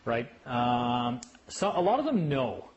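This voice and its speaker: A man's voice: mid-range voice, slow, lo-fi sound. A man giving a casual talk on legal rights to a small group, telling stories and acting out voices. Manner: animated storyteller who acts out voices.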